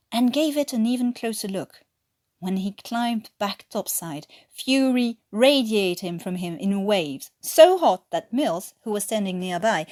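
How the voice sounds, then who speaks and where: A woman with a French accent, a native French speaker, reading a fan-written story aloud in measured narration. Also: medium pitch, darkish tone. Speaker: fan fiction reader.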